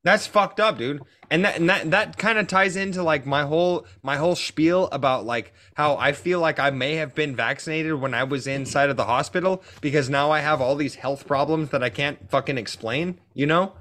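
A man's voice: a little high, normal speed, few pauses, a bit bright. Profane, ranting male podcast host. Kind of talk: casual podcast chat.

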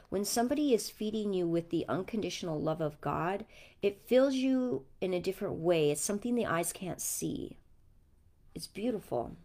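A mother talking casually and earnestly, telling a story about her son and reflecting on her Bible reading. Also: on the low side. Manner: earnest, storytelling, speaks with conviction. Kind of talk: casual reflective vlog talk.

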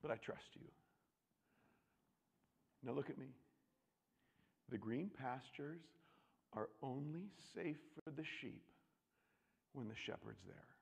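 A man preaching a sermon, animated and swinging from loud declarations to hushed asides. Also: mid-range voice, slow, creaky, pauses often, slightly rough, in a large hall.

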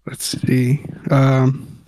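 A man's voice: medium pitch, monotone, drawn-out words, mellow. A young man from Southern California, co-hosting a casual podcast chat and telling stories in a laid-back, wry way. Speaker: podcast co-host.

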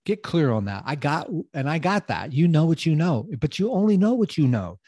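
A man's voice: on the high side, very animated, moderate pace, darkish tone, dry recording, studio quality. A middle-aged man hosting a motivational coaching podcast, emphatic and casual, often repeating phrases for effect. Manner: casual, loose grammar.

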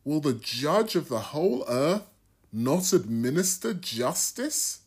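A man's voice: on the high side, very animated, slow, slightly rough, pitched above the performer's own voice, exaggerated voice. A man voicing a humble old patriarch who earnestly pleads with rising, imploring questions. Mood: pleading.

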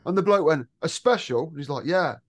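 English bloke, thirties, podcast co-host, bright and expressive storyteller, laughs a lot. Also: male voice, fairly high pitch, a little fast. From England. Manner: lively storyteller, swears, laughs often. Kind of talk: casual podcast chat.

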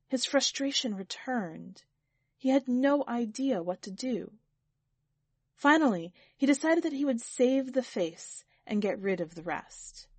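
A woman's voice: on the high side, husky, no echo. Woman reading a story, dry and close. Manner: measured, expressive storytelling. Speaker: podcast editor reading fiction. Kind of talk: scripted narration.

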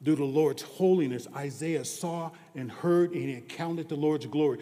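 A man preaching a sermon who drops to hushed near-whispers on some lines and rises to loud, emphatic declarations on others. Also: on the high side, normal speed, in a large hall.

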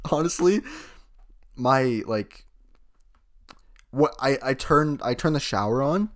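A man's voice: medium pitch, slow pace. A young man in his late teens co-hosting a casual podcast, rambling through stories, laughing often and swearing freely. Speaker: podcast co-host. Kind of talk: casual chat.

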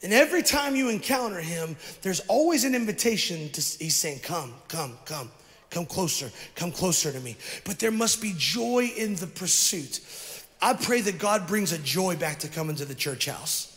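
A middle-aged male pastor delivering an energetic sermon and calling on the congregation to repeat words after him. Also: high-pitched, normal speed. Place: church sanctuary. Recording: long hall reverb from a church.

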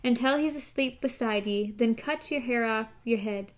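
A woman's voice: a little high, moderate pace, lightly acted. A woman reading out an old hag speaking through a hypnotized girl, with a light dialect lilt. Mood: menacing.

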